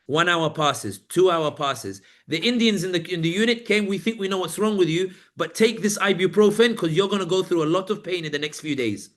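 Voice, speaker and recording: Male speaker, fairly high voice, lively first-person storyteller who acts out the other people in his story. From Britain. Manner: animated storytelling, acting out guards and inmates. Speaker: speaker recounting detention. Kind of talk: personal account at a press event.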